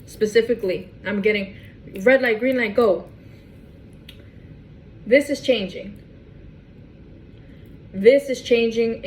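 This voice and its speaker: A woman's voice: medium pitch, slight background noise, low-quality recording. A woman doing a casual tarot reading to camera, emphatic and repetitive, often restarting her phrases. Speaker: tarot reader.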